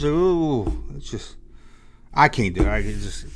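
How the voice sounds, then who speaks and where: Vlog host: a man, sarcastic and exasperated, very lively pitch. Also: measured pace. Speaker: channel host. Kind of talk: ranting commentary vlog.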